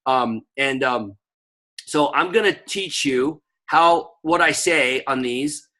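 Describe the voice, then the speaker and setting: A man's voice: medium pitch, slow pace, bright, forceful tone. A man leading an online sales training, talking energetically with frequent fillers and asides to his listeners. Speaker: network marketing trainer.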